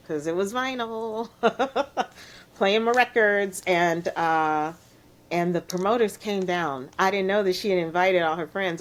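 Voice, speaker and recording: A middle-aged woman from Chicago, a DJ guest telling her story in a soft-spoken, reflective way with frequent laughs. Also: on the low side. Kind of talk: relaxed storytelling interview.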